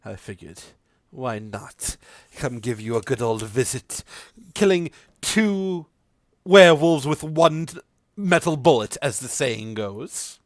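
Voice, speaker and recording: A man's voice: expressive, takes it slowly, dry recording. A man voicing a flirtatious, haughty aristocratic mother in a tabletop game, with a theatrical, teasing delivery. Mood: fond. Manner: theatrical, teasing, swoops up high.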